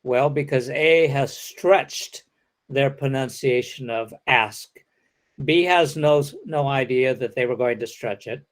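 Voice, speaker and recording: A man's voice: mid-range voice, slow pace. A man giving an academic lecture, explaining step by step and acting out example sentences.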